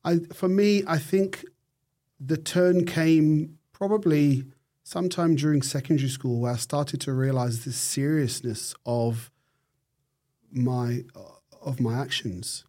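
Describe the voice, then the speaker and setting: A middle-aged man from the United Kingdom, a neurosurgeon guest telling his story in an interview with thoughtful pauses and frequent restarts. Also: mid-range voice, fairly even intonation, a little mellow.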